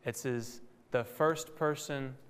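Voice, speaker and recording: Preacher in a reverberant hall. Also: male voice, medium pitch, steady tone, smooth. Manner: expository preaching, voices God's words softly and slowly. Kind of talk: sermon.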